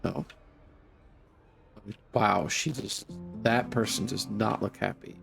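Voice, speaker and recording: A man's voice: fairly low pitch, slow pace, creaky, music in the background. A congested man streaming a game, chatting casually in a wry, rambling way with many fillers. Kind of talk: casual gameplay commentary.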